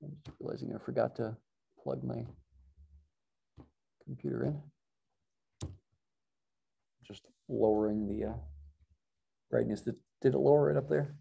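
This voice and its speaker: Middle-aged male math professor, very dark mellow tone, lecture delivery, corrects himself as he goes. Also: mid-range voice, steady tone, measured pace, vocal fry, long pauses, breathy edge, lo-fi sound. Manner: thinking aloud, self-correcting, wry asides. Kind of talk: classroom lecture.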